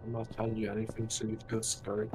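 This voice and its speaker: A man's voice: fairly low pitch, monotone, fast, noisy background. A man chatting casually with a friend during a game, laid-back and teasing. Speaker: friend co-playing. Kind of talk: casual gaming chat.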